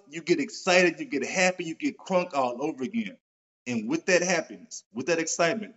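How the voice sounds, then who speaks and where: A man talking straight to his viewers in a loose, animated way, cursing casually and getting louder when excited. His voice sits in a middle range, and the live-stream audio comes through a little dull and lo-fi. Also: mid-range voice. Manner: animated, swears casually, gets excited and loud. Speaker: author and host of a live stream. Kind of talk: casual motivational talk. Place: at home, seated in a wheelchair.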